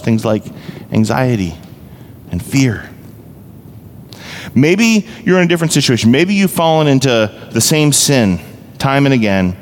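A man preaching a sermon as a pastor, earnest and personal, growing emphatic. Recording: echoey hall, faint rumble.

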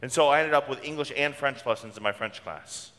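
A man's voice: mid-range voice, fairly quick, bright, forceful tone. A middle-aged man, preaching a conversational sermon from a church. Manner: conversational preaching with homely stories. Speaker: pastor. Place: church sanctuary. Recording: long reverb of a church hall.

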